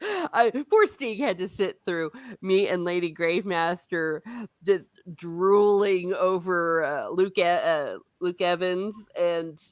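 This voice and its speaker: A woman's voice: on the low side, expressive, slow pace, dry recording. A woman hosting a casual book discussion, rambling with frequent fillers and laughing often. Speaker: host of a book discussion show. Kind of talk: casual chat.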